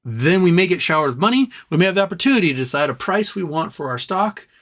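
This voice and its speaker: A man hosting a live stream, rambling in a relaxed way and reading out viewer comments. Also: sits high, fast talker. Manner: rambling, laid-back, reads chat comments aloud. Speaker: livestream host. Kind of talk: casual livestream chat.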